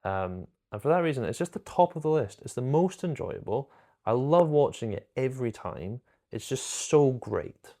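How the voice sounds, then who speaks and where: A man's voice: medium pitch, animated, normal speed, mellow. A man chatting casually and enthusiastically to camera about films, rambling and correcting himself as he goes. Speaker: film reviewer.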